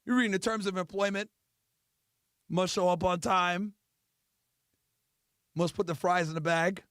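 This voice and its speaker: A man's voice: high voice, steady tone, unhurried, fairly bright tone, smooth, no echo, clean studio sound. A male podcast host telling a profane comedic rant in a mocking, crude storytelling manner.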